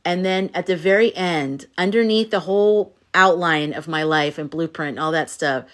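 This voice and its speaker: Animated, rambling woman livestreaming. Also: fairly low pitch, normal speed. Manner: animated, rambling, playful and swearing. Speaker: livestream host, spiritual coach. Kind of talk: casual livestream chat to viewers.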